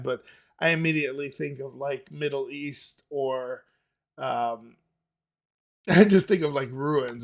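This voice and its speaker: A man's voice: mid-range voice, gravelly. A man hosting a music reaction, thinking aloud casually with lots of fillers and restarts. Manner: musing aloud, many fillers and restarts, laughs easily. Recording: music playing behind the voice.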